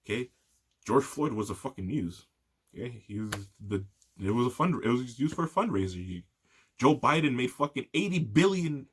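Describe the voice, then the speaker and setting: A man's voice: mid-range voice, slightly rough. A young man hosting a solo talk show, ranting heatedly with lots of swearing and a repeated "okay". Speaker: podcast host.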